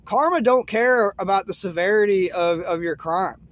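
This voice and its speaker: Rambling high-voiced man telling a story. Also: normal speed. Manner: voice drops low and soft at grim moments. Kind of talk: casual storytelling.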